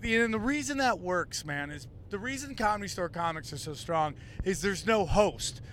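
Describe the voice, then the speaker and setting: A man's voice: high-pitched, lively intonation, normal speed, fairly bright tone, slight background noise. A man hosting a podcast in casual chat, reacting and praising with emphatic enthusiasm. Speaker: podcast host.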